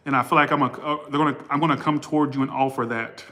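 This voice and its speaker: A man's voice: medium pitch, steady tone, fast talker, pushed and bright. Blunt, profane man doing a tarot reading. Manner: blunt, profane, rambling and self-interrupting. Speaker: tarot reader.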